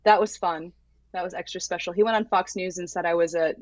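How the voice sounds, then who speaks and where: A woman's voice: mid-range voice, steady tone, brisk, darkish tone, no echo. A woman guest on a podcast, talking earnestly and rambling a little, with lots of fillers as she gathers her thoughts. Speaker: podcast guest, voting-rights activist. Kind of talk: casual podcast chat. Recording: dull lo-fi dry sound.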